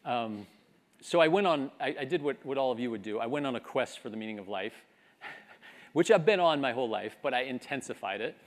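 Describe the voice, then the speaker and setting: A man's voice: medium pitch, expressive, brisk. A man in his fifties giving a graduation speech, earnest and reflective, building to a rousing call. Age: 50s. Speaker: commencement speaker.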